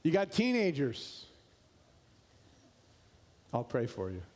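A male pastor preaching a sermon, stressing key words slowly and dropping at times to a hushed tone. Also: mid-range voice, huge pitch swings.

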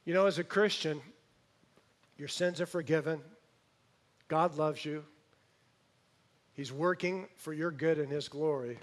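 A man preaching a sermon, telling a story in an animated way and praying. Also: a little high, unhurried, long pauses. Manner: storytelling, animated, imitates voices.

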